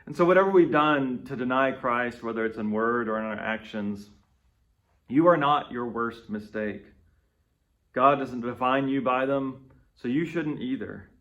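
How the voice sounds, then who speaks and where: A man's voice: mid-range voice, measured pace, a bit bright, dull audio. Man giving a conversational Bible devotional. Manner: conversational, tags points with "right?". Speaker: devotional speaker. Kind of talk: Bible reading and devotional reflection.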